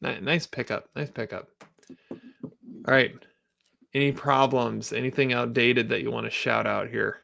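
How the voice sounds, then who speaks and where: A man's voice: mid-range voice, steady tone, unhurried, gravelly, pauses often, sharp tone. A man co-hosting a casual TV review podcast, a teacher who rambles and laughs a lot. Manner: rambling, chatty, laughs often.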